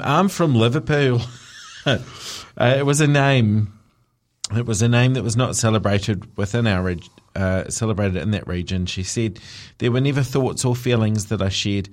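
A man's voice: on the low side, darkish tone. A man hosting a show, reading celebrity news with chatty asides and jokes, often stumbling over words. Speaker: radio host.

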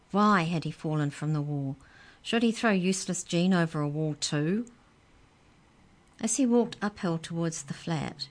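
Slow, low-voiced woman storyteller. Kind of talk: children's story reading.

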